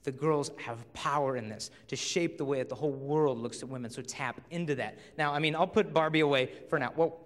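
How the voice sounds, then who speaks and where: A young adult man giving a humorous talk at a high school assembly, telling stories and acting out quoted voices. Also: fairly quick, few pauses. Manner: animated storytelling, acts out quoted voices. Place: large school auditorium. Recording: long hall reverb.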